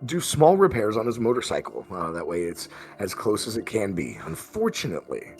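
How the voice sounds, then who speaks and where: A man's voice: lowish voice, huge pitch swings, a little fast, creaky. A man game master recapping the last session of a tabletop game, rambling with fillers and restarts.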